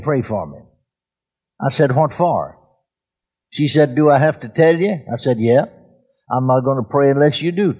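A man preaching a sermon, telling folksy anecdotes in a drawn-out way. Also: on the high side, a little mellow, breathy edge, lo-fi sound. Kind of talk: sermon storytelling.

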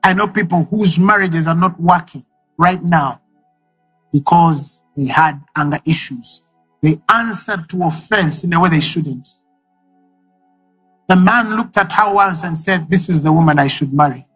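A man's voice: high-pitched, measured pace, fairly bright tone, slightly rough, soft background music, rough recording. A man preaching a sermon, emphatic and repeating key phrases for effect.

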